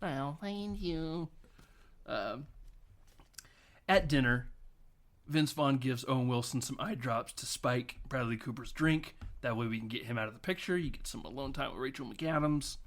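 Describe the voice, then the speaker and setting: A man's voice: medium pitch, normal speed, a bit bright. Laughing man recapping a movie. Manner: loose and profane, laughs often, acts out quotes. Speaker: podcast host. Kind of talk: casual film recap chat.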